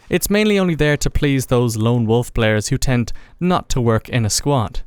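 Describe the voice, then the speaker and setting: A man's voice: mid-range voice, clear, resonant tone, dry recording. A man narrating a gameplay video in a casual, enthusiastic commentary voice-over. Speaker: gaming video creator.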